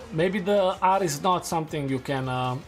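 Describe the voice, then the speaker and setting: A man streaming a game, chatting casually and laughing at his own takes; English is not his first language. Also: a little high. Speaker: gaming streamer. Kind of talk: casual gameplay commentary.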